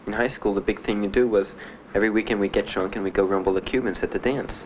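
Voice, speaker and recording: A man's voice: fairly low pitch, fairly even intonation. Guy telling his service story, lots of uhs, faint hiss behind, kinda muffled old tape. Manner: halting, plainspoken storytelling with many "uh" fillers. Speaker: veteran interviewee. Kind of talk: documentary interview. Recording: dull archival recording with faint hiss.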